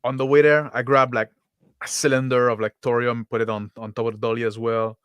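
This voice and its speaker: Smooth-voiced casual male player. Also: mid-range voice, little pitch movement, a little fast, no echo. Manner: casual, filler-heavy with "like". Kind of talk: in-character tabletop roleplay.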